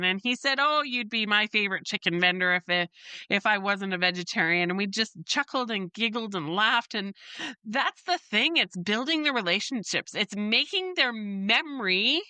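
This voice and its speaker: A middle-aged woman hosting a podcast, giving casual, joking advice in a chatty, animated way. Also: medium pitch, normal speed, clear, resonant tone, dry recording. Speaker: podcast host and farmer.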